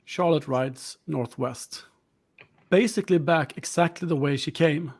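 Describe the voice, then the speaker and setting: Man, game master, hesitant narration, somewhat high voice. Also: a little slow.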